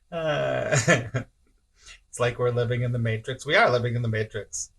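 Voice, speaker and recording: Bright-voiced man, casual spiritual teacher. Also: medium pitch, unhurried, vocal fry. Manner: casual, chuckles often, repeats himself. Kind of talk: live-stream talk reading viewer comments.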